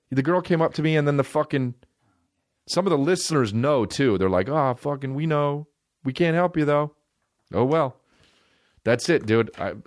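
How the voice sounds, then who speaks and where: Recorded in a clean studio with no room sound, a medium-pitched man in his thirties hosts a solo comedy podcast. He's animated and profane, swearing constantly as he rambles and loses his thread.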